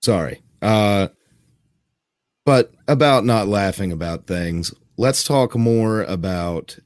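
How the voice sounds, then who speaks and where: A man hosting a podcast, chatting casually with teasing quick asides. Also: deep voice, no room sound, studio quality. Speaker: podcast host. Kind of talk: casual chat.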